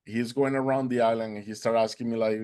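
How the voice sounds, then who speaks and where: Guest storyteller: man, Spanish native speaker, earnest, mid-pitched, non-native English phrasing. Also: steady tone, fast talker, a little mellow, clear, resonant tone. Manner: acts out quoted dialogue in a raised voice. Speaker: interview guest.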